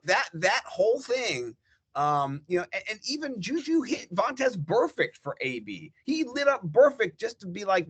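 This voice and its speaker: Animated, swearing man ranting on a podcast. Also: high-pitched, normal speed, breathy edge. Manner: animated, profane ranting with mock quotes. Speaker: podcast guest, fantasy football analyst. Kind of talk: casual podcast chat.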